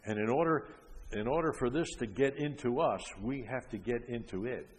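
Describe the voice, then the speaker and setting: An older man preaching a sermon, emphatic, with frequent rhetorical questions, rising loud and then dropping soft. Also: medium pitch, moderate pace. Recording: long hall reverb.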